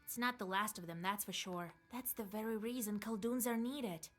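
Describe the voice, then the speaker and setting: A resolute young demon hunter from a game, voiced by an actress, steady and firm. Her voice is mid-pitched and even. Game music plays clearly under her. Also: normal speed, close to an everyday voice. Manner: calm, firm. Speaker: game character. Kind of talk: video game voice acting.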